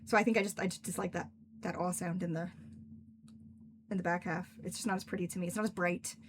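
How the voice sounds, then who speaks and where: A woman's voice: on the low side, steady tone, fast, background noise. A young woman, an author, chatting casually and rambling on a livestream, laughing often. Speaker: author and streamer.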